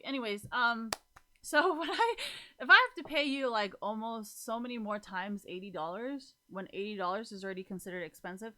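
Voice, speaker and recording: Bright-voiced woman venting about debt. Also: mid-range voice. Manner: frank, profane and exasperated, rambling with restarts. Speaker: vlogger. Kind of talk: casual venting monologue.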